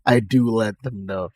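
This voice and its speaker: Slow, chatty man with put-on American accent. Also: lowish voice, husky, no room sound. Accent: put-on generic American-Canadian. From Nigeria. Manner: chatty and self-amused, laughing between remarks. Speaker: live-streaming 3D artist. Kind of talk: casual live-stream chat.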